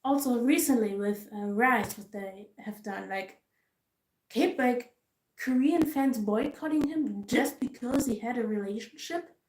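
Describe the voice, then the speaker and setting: A woman's voice: on the high side, a little slow, a little mellow. A woman vlogger giving casual ranting commentary, frustrated and emphatic, repeating herself for stress. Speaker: K-pop vlogger. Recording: roomy echo.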